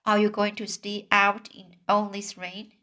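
A woman reads the part of a sensible, good-natured young girl from a storybook. The reading is slow and even, spoken in a plain everyday voice rather than a put-on character voice. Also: medium pitch. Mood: coaxing. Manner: read aloud plainly in her own voice. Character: practical, kindly young girl.

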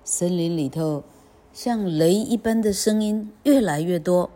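A woman host narrates a children's story, moving slowly and gently through each line. Her voice is low-pitched and mellow, and it never turns sharp.

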